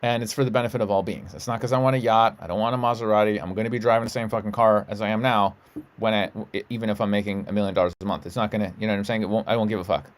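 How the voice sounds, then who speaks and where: A man's voice: lowish voice, steady tone, racing. A middle-aged man hosting a livestream, giving a rambling spiritual talk in a loose, profane, emphatic way. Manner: loose, profane and emphatic, frequent "you know what I'm saying".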